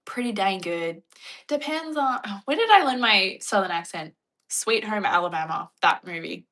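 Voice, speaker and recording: A woman's voice: mid-range voice, lively intonation, normal speed, sharp tone. A woman, chatting playfully with her stream viewers and laughing often. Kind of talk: casual chat.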